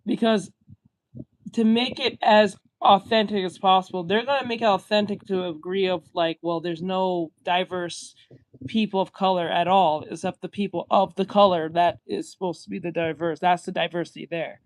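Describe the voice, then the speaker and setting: Stream host, casual reaction commentary, rambling, profane, lots of fillers, mid pitch. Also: fairly even intonation, moderate pace, no room sound.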